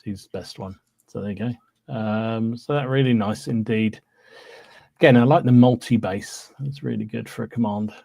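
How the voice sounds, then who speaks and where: A man's voice: on the low side, normal speed, creaky, warm tone, no echo. A man co-hosting a casual hobby podcast, chatting loosely with plenty of fillers. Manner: chatty, full of fillers and "there you go". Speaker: podcast co-host.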